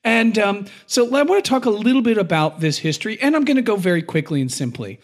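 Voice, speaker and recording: A man co-hosting a casual podcast, explaining medieval history in plain terms and now and then acting out quick quoted voices. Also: high voice, sing-song. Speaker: podcast co-host.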